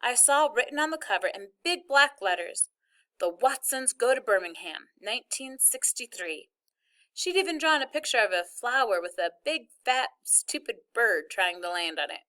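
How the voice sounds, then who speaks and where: A woman reads a novel aloud in the first person, with a wry, lively storytelling manner. Her voice is bright and clear. It sits a little higher than most women's. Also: normal speed, hardly any pauses. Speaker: audiobook reader.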